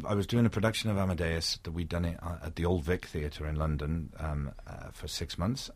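Deep-voiced Welsh actor, hesitant. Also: male voice. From Wales. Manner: thoughtful, hesitant with frequent restarts. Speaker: actor, interview guest. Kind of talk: reflective interview conversation.

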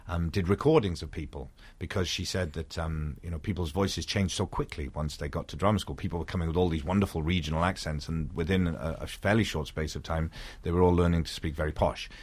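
A man's voice: low voice, steady tone, brisk, slightly rough. A middle-aged man from Wales with a Welsh accent, an actor talking thoughtfully in an interview, with frequent restarts. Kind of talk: reflective interview conversation.

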